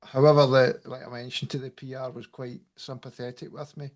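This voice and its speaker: A man's voice: medium pitch, little pitch movement, brisk. Man hosting a casual interview. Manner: loose, hesitant, with fillers. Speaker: podcast host.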